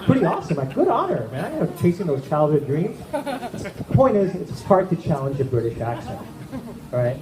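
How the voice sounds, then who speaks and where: At an event room with a live audience, an amateur stand-up comic does a chatty set and checks in with the crowd, speaking at normal speed in a fairly high voice with wildly swooping pitch. The recording is echoey with background noise.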